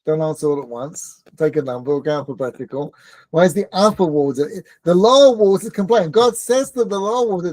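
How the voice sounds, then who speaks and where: Brief: male rabbi, warm-dark tone, dry close recording, chatty teacher who quizzes his class. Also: fairly high pitch, animated, fairly quick, no room sound. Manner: joking, conversational, asks the room questions. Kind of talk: informal Torah lesson with banter.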